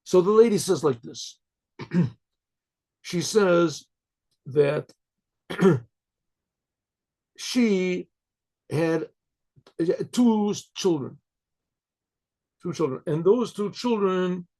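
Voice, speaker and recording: Gravelly rabbi telling a story. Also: male voice, high voice, expressive, very slow, pauses often, darkish tone. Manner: frequent throat clearing, restarts.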